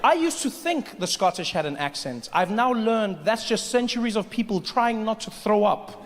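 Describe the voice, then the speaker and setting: A man doing stand-up comedy, telling stories in an animated way and building up to shouting. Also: sits high, moderate pace, in a large hall.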